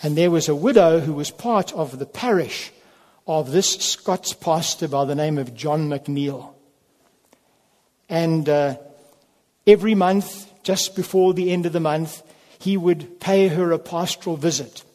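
A man preaching a sermon, telling a story in an unhurried way and then leading a quiet prayer. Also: on the high side. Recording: long hall reverb.

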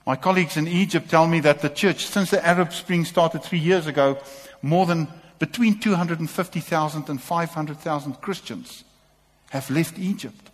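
A man's voice: fairly high pitch, normal speed, long reverb tail. A man preaching a sermon to a congregation, impassioned and repeating short calls to take courage.

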